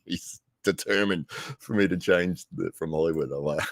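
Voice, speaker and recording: A middle-aged man with an extremely low, deep voice tells a casual, rambling story. He chuckles often and perks up when quoting himself. He is recorded close to the mic in a dry space. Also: normal speed, creaky, no echo. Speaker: arm wrestling commentator.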